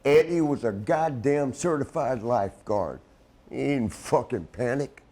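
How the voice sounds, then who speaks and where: A man's voice: medium pitch, expressive, unhurried, dark tone. A man, telling a painful family story in a rambling, profane way and crying as he talks. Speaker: wrestling show guest. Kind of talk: emotional storytelling chat.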